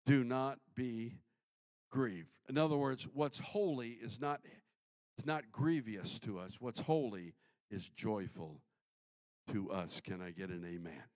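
A middle-aged male pastor preaching a sermon, swinging from loud exclamations to quiet asides. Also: fairly low pitch, measured pace, no room sound.

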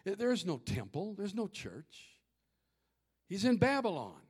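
A middle-aged man preaching a sermon, dropping to hushed near-whispers and rising to shouts. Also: sits high, wildly swooping pitch, takes it slowly, slightly rough. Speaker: pastor.

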